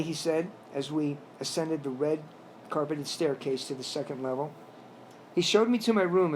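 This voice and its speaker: Slightly high-voiced man reading his story. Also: a little hiss or hum, rough recording. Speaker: narrator. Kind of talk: reading a self-written story aloud.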